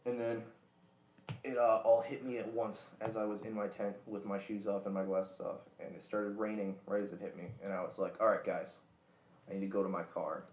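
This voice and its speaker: A man's voice: on the low side, little pitch movement, a little fast, darkish tone. A young man hosting a podcast, telling a rambling story in a laid-back, profane way. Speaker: podcast host. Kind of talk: casual storytelling chat. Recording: roomy, distant mic with faint noise.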